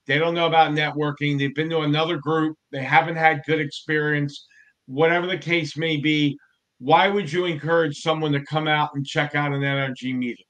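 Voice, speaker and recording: A man hosting a casual interview as company chief, talking with high energy and enthusiasm. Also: steady tone, normal speed, fairly bright tone. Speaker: host and company CEO.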